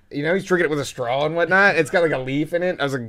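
A young man co-hosting a casual chat, rambling through animated stories with swearing. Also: a little high, fast talker, hardly any pauses. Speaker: podcast co-host.

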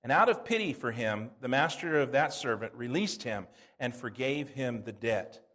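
A man who is a pastor, preaching a sermon, reading scripture in a low soft voice and telling anecdotes with laughter. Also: normal speed. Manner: animated storytelling, laughs at his own anecdotes.

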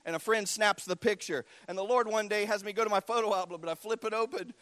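A man's voice: high voice, fast, no room sound. Impassioned preacher, man with a raised voice. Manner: impassioned, swinging between loud cries and hushed near-whispers. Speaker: pastor. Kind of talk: sermon.

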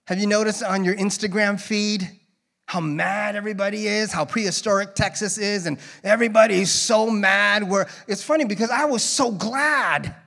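Chatty, rambling preacher man, slightly high voice. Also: normal speed, vocal fry, pushed and bright. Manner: rambling, joking, drifting into tangents. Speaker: guest preacher. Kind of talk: casual conversational sermon. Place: church, in front of a congregation.

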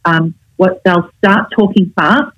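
A woman's voice: fairly low pitch, no echo. Older woman coaching, lo-fi dry sound. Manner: instructive, measured. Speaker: communication coach guest. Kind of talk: casual interview chat.

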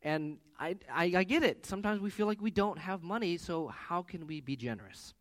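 A man in his thirties preaching a sermon as pastor, with animated storytelling that rises loud for quoted voices. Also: high voice, normal speed.

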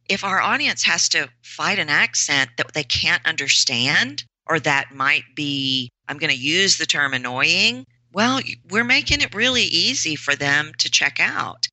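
Woman voice coach, interview guest, low voice with a bright forceful edge, emphatic. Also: no echo, poor audio. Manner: emphatic, repeats words for stress. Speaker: voice and presentation coach. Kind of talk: podcast interview answers.

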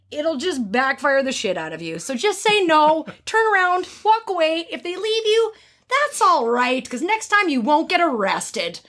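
On a podcast, a hairstylist tells a story bluntly and with plenty of animation, swearing freely. Her voice is high-pitched and she speaks a little slowly.

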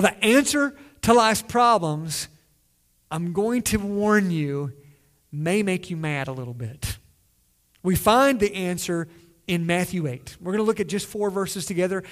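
A man preaching a sermon in a conversational way, asking the listeners questions and acting out quoted lines. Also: sits high. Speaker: pastor.

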